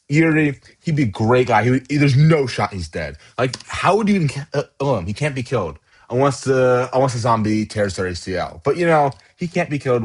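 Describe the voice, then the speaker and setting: Male channel host, casual tier-list chatter, halting and full of fillers. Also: medium pitch. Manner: rambling, halting, lots of fillers and restarts.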